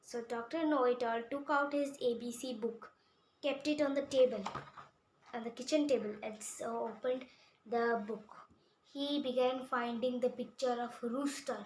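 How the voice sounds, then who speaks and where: A woman retells a picture book in a high voice, stopping and repeating herself. The recording has an echoey room sound and a faint hum. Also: fairly even intonation, a little mellow. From India. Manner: halting, repeating words. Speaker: storyteller.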